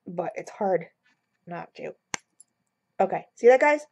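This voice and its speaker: A woman with a cold, rambling excitedly through a casual review at home, recorded on her computer mic. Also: fairly low pitch, unhurried, creaky, slightly rough, highs cut off. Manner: gushing, rambling, many fillers. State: has a cold. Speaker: vlogger reviewing wax melts.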